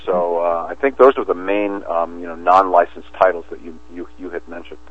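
Deep-voiced man rambling on a phone line. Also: fairly even intonation, moderate pace, dry recording. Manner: rambling, many restarts and fillers. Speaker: guest. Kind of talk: casual interview talk. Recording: tinny phone line, dry.

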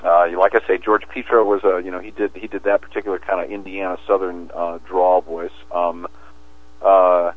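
A man with a very low voice talks casually as an interview guest, circling with restarts and fillers. The sound is thin and phone-like, with no room echo. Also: steady tone, normal speed. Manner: rambling, many restarts and fillers. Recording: tinny phone line, dry.

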